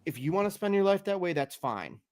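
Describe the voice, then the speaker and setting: Brief: male podcast host, animated and profane, higher-pitched voice, casual chat. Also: brisk. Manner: animated, swears freely, rises high when excited.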